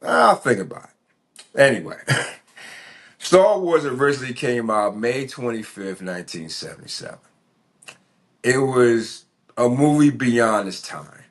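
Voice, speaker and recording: A man's voice: medium pitch, lively intonation, normal speed. A man, telling his life story in a casual, rambling, profane way full of fillers. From Philadelphia. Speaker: podcast host.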